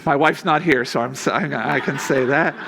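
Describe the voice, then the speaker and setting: A male pastor delivers a relaxed, conversational sermon, chuckling often and acting out the lines he quotes. His voice is a little high and creaky.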